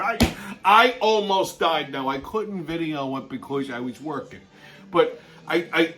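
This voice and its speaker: A man's voice: a little high, sharp tone. A man hosting his show, ranting bluntly in a heavily profane monologue and laughing through his own stories. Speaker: show host.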